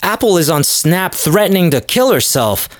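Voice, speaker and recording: A flighty young woman brushing someone off with flimsy excuses, as a man puts her on. Her voice jumps high and sounds airy and hesitant. The sound is dry and close. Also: sing-song, normal speed, no echo. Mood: evasive.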